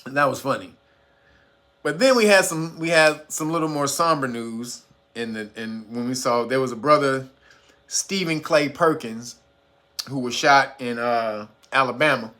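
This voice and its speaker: A woman with a bright, sharp voice chats casually to her audience. She speaks loosely and frankly, with plenty of slang and profanity. The delivery is informal, like an unscripted vlog. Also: extremely low pitch, measured pace. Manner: loose, chatty, profane storytelling addressed to viewers. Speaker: commentary vlogger. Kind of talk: casual commentary.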